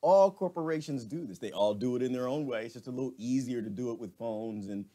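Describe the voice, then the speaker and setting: A man's voice: mid-range voice, fast. A man hosting a live stream, ranting casually in a colloquial way with laughs and asides to viewers. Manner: animated, laughing, talks back to viewers.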